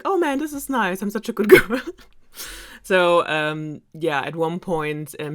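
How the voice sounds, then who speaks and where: A young woman from Germany with a German accent, casually retelling a fairytale with lots of fillers and sarcasm. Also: sits low. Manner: rambling, filler-heavy, lots of "like" and "um". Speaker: storyteller.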